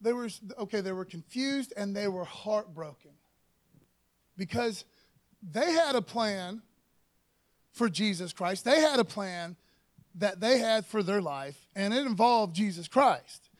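A man preaching a sermon in a folksy, conversational way, who keeps adding "man" and asking "amen?" and slows down and gets louder when reading scripture. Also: high voice, expressive.

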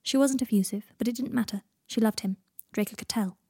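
A woman narrating a story aloud in a steady storytelling way. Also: a little high, a little fast, husky, dry recording, studio quality. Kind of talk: audiobook reading of fan fiction.

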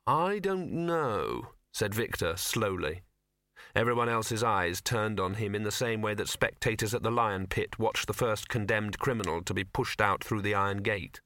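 A man narrating a comic fantasy novel as an audiobook, in a dry, measured storytelling manner, recorded close to the mic. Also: on the low side, steady tone, sharp tone, dry recording. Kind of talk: scripted narration.

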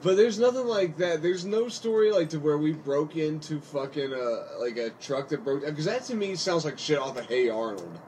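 A man's voice: on the high side, expressive, moderate pace, few pauses, darkish tone, distant mic, a little hiss or hum. A young man from West Virginia in a casual podcast chat, talking loosely and profanely with lots of "like". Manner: loose, profane, filler-heavy with "like".

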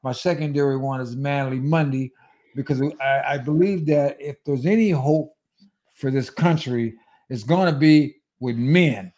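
A man's voice: medium pitch, a little slow, mellow. A man hosting a political podcast, talking in an emphatic, preachy, conversational way. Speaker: podcast host.

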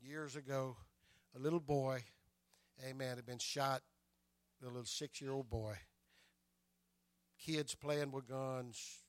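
A man's voice: mid-range voice, steady tone, slow, long pauses, dry recording. Older male pastor, storytelling sermon, repeats himself, amen-heavy, dry and close. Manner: storytelling preacher, repeats words and adds "amen" often.

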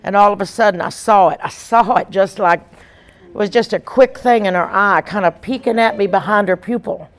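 A woman evangelist, preaching an emphatic, animated sermon with repeated lines. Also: medium pitch, moderate pace.

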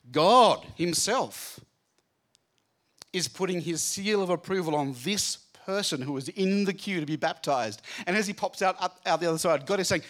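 A man giving a lively Bible talk to a live group, chatty and jokey, acting out the scenes as he goes. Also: fairly high pitch. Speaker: speaker at a student Bible training night. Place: room with a live audience.

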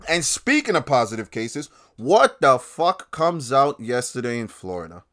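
A man's voice: mid-range voice, sing-song, moderate pace, fairly bright tone. A man hosting his own podcast, ranting in a heated, profane and sarcastic way. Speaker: podcast host. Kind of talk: casual ranting commentary.

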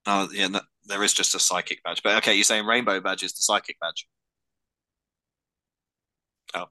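A man's voice: deep voice, fairly even intonation, normal speed, pushed and bright, no room sound. A man co-hosting a podcast, chatting casually with brief, laid-back answers. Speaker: podcast co-host. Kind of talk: casual chat.

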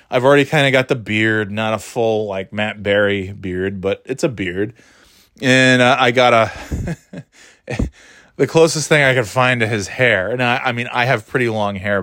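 A middle-aged man tells a story in a loose, rambling way, full of fillers, restarts and self-deprecating asides. His voice sits on the low side. The recording is dry and close, with no room sound. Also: fairly bright tone, dry recording. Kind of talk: casual storytelling.

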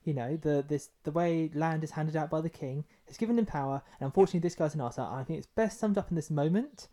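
A man's voice: fairly high pitch, quick pace, warm tone. A man co-hosting a book podcast, talking casually and loosely, with frequent restarts and fillers. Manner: loose, hesitant phrasing with many restarts. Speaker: podcast co-host.

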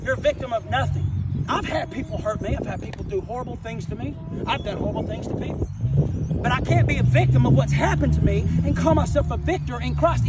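High-voiced man preaching emphatically. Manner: emphatic and confrontational, repeats key phrases. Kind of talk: informal sermon. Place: outdoors near a wrecked car. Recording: distant mic with faint outdoor noise.

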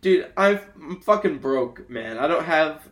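A man's voice: on the high side, animated, unhurried. A young man hosting a podcast, telling a crude story in a rambling way with lots of fillers. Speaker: podcast host. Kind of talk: casual podcast chat.

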